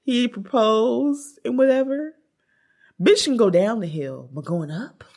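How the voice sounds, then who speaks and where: Brief: woman co-host, high and expressive, gossipy and animated. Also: measured pace. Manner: animated, laughing, acts out quotes in high squeals. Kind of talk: casual gossip chat.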